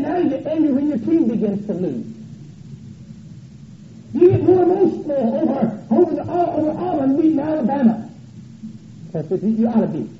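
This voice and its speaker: High-voiced preacher in an echoey church. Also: male voice, background noise. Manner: animated, folksy and joking, swings from loud to soft. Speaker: revival preacher. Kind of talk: revival sermon. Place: church sanctuary. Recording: echoey church, dull old tape.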